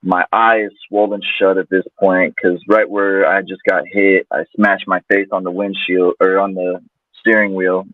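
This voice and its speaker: A man's voice: sits low, little pitch movement, moderate pace, no echo. A man guest telling a personal story in a loose, casual way, full of fillers. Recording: tinny phone-like line, dry.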